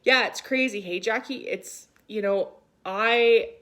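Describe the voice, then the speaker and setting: A woman's voice: medium pitch, takes it slowly, a bit bright. A woman in her thirties from Canada, a spiritual coach chatting casually and upbeat on a live stream, a little short of breath, reading viewer comments aloud.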